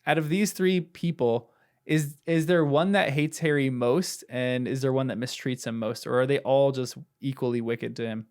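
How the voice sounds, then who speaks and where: A man's voice: medium pitch, normal speed, clean tone. A male podcast host chatting casually about a book, playful and laughing often, asking teasing questions. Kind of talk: casual book-club chat.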